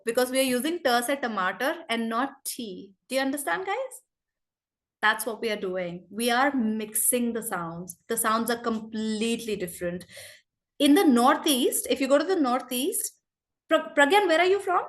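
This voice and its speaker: A young woman with an Indian accent teaching an online spoken English class, lively, switching into Hindi and calling on students by name. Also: fairly high pitch, moderate pace.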